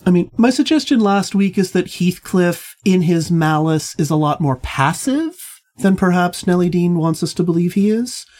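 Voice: medium pitch, animated, moderate pace, hardly any pauses, a little mellow. An instructor leading a literature seminar, speaking thoughtfully with frequent restarts and hedges.

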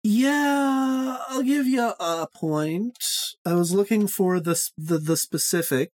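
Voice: medium pitch, darkish tone, dry recording. A podcast host running a casual book club pop quiz, teasing and swearing, speeding through explanations. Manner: teasing, profane, quick bursts of explanation.

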